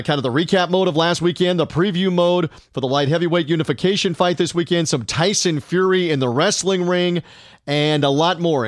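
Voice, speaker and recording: A middle-aged American man hosting a podcast in a casual, chatty and self-deprecating way, with a deep resonant voice. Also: no echo, clean studio sound. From United States. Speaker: podcast host. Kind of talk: casual podcast talk with ad read.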